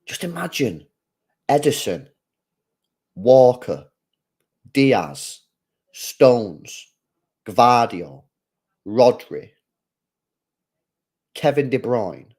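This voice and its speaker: A man's voice: mid-range voice, very animated, extremely slow, long pauses, a little mellow, slightly rough. A young man hosting a live football watchalong, chatting casually with viewers in slang and rambling with restarts. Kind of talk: casual live match commentary.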